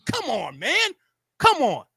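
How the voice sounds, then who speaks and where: High bright guy host arguing sports, keeps repeating himself, stammers, dry sound. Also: huge pitch swings, slow pace, vocal fry, breathy edge, no echo. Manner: insistent, repetitive, stammering restarts. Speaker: show host. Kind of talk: heated sports debate. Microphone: facing a camera.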